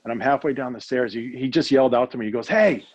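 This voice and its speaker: A man's voice: mid-range voice, fairly even intonation, very fast, darkish tone, dry recording. Middle-aged man telling stories, lo-fi. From United States. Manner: rambling, many restarts and fillers. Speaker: guest, hockey executive. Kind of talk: casual storytelling interview.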